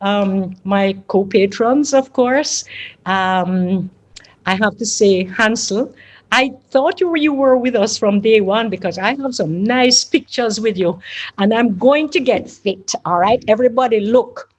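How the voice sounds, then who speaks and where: A woman's voice: mid-range voice, unhurried. A woman giving an informal, chatty thank-you speech, joking at her own expense. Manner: chatty, self-deprecating, thankful. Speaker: guest speaker.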